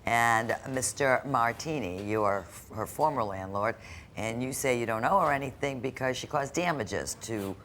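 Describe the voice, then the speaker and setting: A woman's voice: very deep voice, normal speed, fairly bright tone, a little hiss or hum. A woman presiding as judge on a courtroom show, questioning the parties and scolding the defendant sternly.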